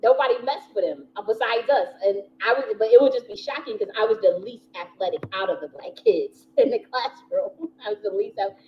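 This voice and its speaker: A woman's voice: a little high, a little fast, few pauses. Woman just chatting and telling a story, laughs a lot, says "you know" constantly, bit of a dull recording with faint hiss. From United States. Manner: chatty, laughs often, many "you know" fillers, swears freely. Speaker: spiritual teacher and channel host. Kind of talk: casual rambling storytelling.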